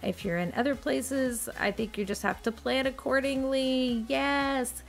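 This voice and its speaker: A woman's voice: sits high, steady tone, unhurried, creaky, soft background music. Chatty woman live-streaming to viewers. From Texas, USA. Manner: chatty, greeting viewers by name. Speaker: channel host.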